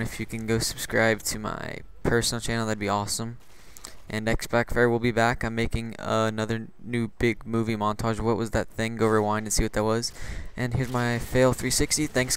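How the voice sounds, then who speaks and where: A man's voice: medium pitch, a little hiss or hum, low-quality recording. A man hosting a gaming channel, telling rambling, profane stories in casual gameplay commentary, full of "like" and restarts. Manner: rambling, profane, filler-heavy.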